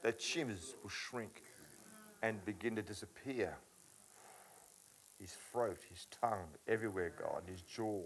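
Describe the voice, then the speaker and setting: A man with an English accent leading a healing meeting, praying over people in fervent declaring prayer that swings from soft to loud, with casual matey remarks. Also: on the low side, moderate pace, faint music behind. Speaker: healing minister.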